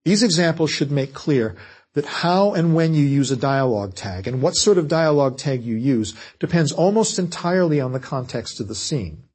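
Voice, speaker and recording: A man lectures on fiction writing in a measured, explanatory way. His voice has a husky, slightly breathy edge, and his pitch sits in an ordinary middle range for a man. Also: a little mellow. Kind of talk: scripted lecture.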